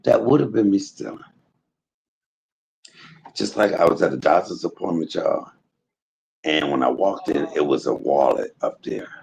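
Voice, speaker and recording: A man's voice: rumbling low, animated, normal speed, gravelly, long pauses, a little mellow, breathy edge, rough recording. A man streaming live to his viewers, telling a story in an emphatic, preachy way, full of religious exclamations. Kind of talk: casual spoken testimony to a live chat.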